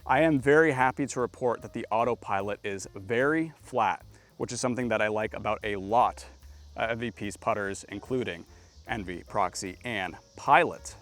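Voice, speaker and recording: A man giving casual, chatty play-by-play of his own throws on a disc golf course outdoors, getting excitable on good shots. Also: on the low side, moderate pace.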